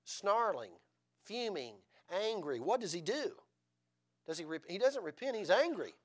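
A man's voice: high-pitched, sing-song, unhurried. A man preaching a sermon in church, reading scripture aloud and driving his points home with rhetorical questions. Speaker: pastor.

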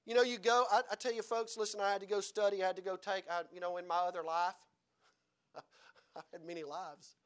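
A male preacher giving a sermon, his pitch and loudness rising and falling widely as he preaches. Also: fairly quick, clean tone. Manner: animated preaching, pitch and volume swinging widely.

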